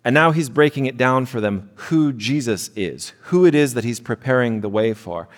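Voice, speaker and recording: A male pastor delivers a sermon at a mid-range pitch. His talk is conversational and full of quick "right?" check-ins. The voice carries a long reverb tail, as if it were recorded in a large hall. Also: expressive. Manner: conversational preaching, frequent "right?" tag questions.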